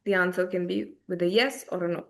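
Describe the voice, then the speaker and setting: A woman's voice: on the low side, steady tone, fairly quick, gravelly. A woman teaching a beginner French class online over a video call, patiently checking that her students follow. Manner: patient, checks often for understanding.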